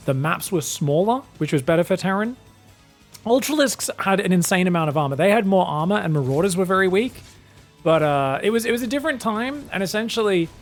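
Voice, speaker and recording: A man with a British accent casting a competitive video game, chatty and prone to rambling tangents. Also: on the high side. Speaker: esports caster. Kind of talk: casual game commentary.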